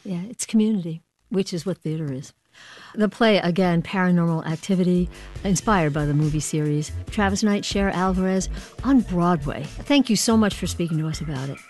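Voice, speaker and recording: A woman hosting a radio interview, asking quick, playful questions. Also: lowish voice, faint music behind. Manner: lively, quick questions with playful sound effects.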